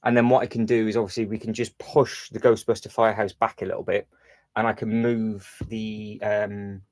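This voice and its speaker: A low-voiced man talks casually to his livestream audience as he works, thinking aloud and rambling through restarts and fillers. He drifts away from the desk mic now and then. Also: little pitch movement, moderate pace, a little mellow, low-quality recording. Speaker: livestream host. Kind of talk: casual live-stream chat while building.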